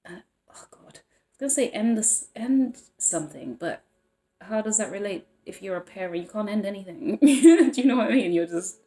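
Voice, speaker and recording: Brisk, animated, and mellow, this mid-range voice belongs to a tarot reader giving a relaxed reading. She wanders off track, interrupts herself mid-thought, and keeps letting out small laughs, all in a roomy, echoey recording.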